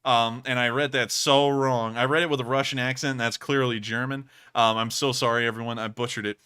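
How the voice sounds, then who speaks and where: A man hosting a casual livestream, answering donations and reacting with excitable, rambling chatter full of fillers. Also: mid-range voice, fairly quick, clean tone.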